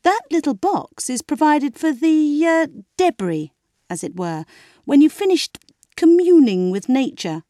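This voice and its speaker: A pompous, urbane young man from a storybook reading, played by a woman, pitched above her own voice and rising and falling grandly. He sounds dry and close to the mic. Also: sing-song, a little slow, warm tone, dry recording. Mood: condescending. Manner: pompous, wordy.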